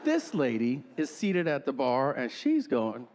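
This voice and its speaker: A middle-aged man telling a stand-up story in a deadpan way and acting out the other people in it. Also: mid-range voice, unhurried. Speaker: stand-up comedian. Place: theater stage before a laughing audience. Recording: live stage recording with audience noise.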